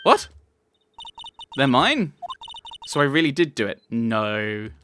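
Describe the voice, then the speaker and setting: A man's voice: medium pitch, sing-song, takes it slowly, noisy background. A man playing through a courtroom game, reading the characters' lines aloud in his own voice and ranting about the plot. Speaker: let's player. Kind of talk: commentary while reading game dialogue aloud. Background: game music.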